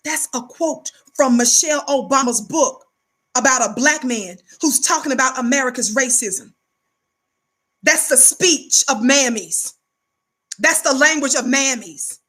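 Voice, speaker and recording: A woman speaks in a high, bright, forceful voice. She delivers impassioned commentary like a preacher, indignant and calling on her listeners to answer back. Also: a little slow. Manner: preachy, indignant, call-and-response.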